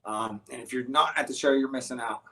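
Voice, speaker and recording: A man from the United States, a touring rock musician, telling stories as an interview guest, animated and full of restarts and fillers. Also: medium pitch, a little fast, vocal fry. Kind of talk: casual interview storytelling.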